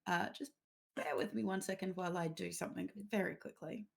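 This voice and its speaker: A woman's voice: lowish voice, fairly even intonation, brisk, gravelly. A woman running a tabletop game on a live stream, narrating the scene and chatting with players. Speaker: game master.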